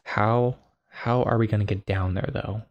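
A man improvising a tabletop story with meandering, deadpan asides. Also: on the low side, normal speed, dull audio. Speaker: player.

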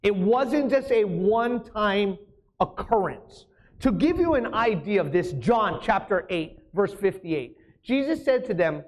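High-pitched guy preaching, emphatic, keeps asking the crowd questions. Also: animated, measured pace. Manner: emphatic, asks the congregation questions. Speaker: pastor. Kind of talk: sermon.

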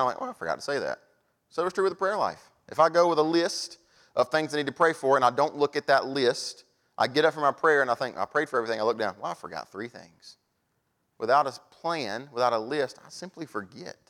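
Preacher guy, folksy sermon, goes quiet then gets loud. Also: medium pitch. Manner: folksy storytelling, shifting from soft to loud.

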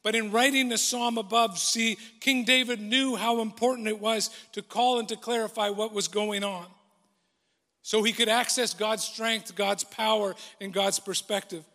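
A man preaching a sermon earnestly, moving between quiet reflection and emphatic, building declarations. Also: high-pitched, steady tone, normal speed, long reverb tail. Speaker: pastor.

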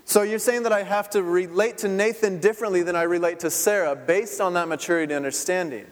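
A man's voice: high voice, quick pace. A man in his thirties preaching a conversational sermon, asking the congregation questions and laughing often. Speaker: pastor. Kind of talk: interactive sermon. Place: church sanctuary. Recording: long hall reverb.

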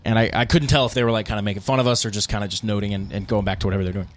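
A fast-talking man with a fairly low voice, co-hosting a casual podcast. He tells tour stories in a relaxed, rambling way, full of fillers and asides. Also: no echo. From United States. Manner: laid-back storytelling, frequent fillers. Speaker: podcast co-host, band guitarist. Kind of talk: casual chat.

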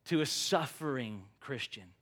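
A man's voice: medium pitch, animated, measured pace, fairly bright tone. A male pastor preaching a sermon in an earnest, emphatic, conversational way.

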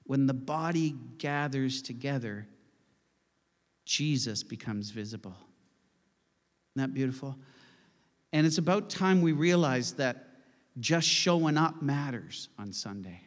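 A male pastor preaching in a church sanctuary, his voice carrying a long, lingering reverb. He swings between quiet asides and rising, emphatic lines, coaxing the congregation to repeat after him. His delivery is lively and wry, with a middling pitch. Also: a little slow, pauses often. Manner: animated, leads congregation in call-and-response, wry asides. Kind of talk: sermon.

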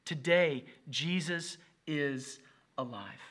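This is a male preacher delivering an Easter sermon over a livestream. He repeats phrases for effect, one moment pushing hard and the next dropping almost to a hush. His voice sits a little high and sounds bright and forceful. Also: fairly quick. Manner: impassioned, swinging from loud emphasis to near whisper. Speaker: pastor.

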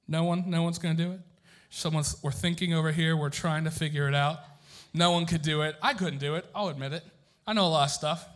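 A man's voice: a little high, a bit bright. A young man telling a Bible story to a group in a casual, joking sermon style, asking the room questions.

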